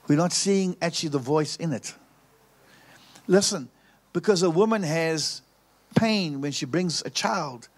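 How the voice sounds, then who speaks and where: Preacher with a raised voice. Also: male voice, a little high. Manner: storytelling preacher, repeats phrases for emphasis. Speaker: pastor. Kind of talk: preaching sermon.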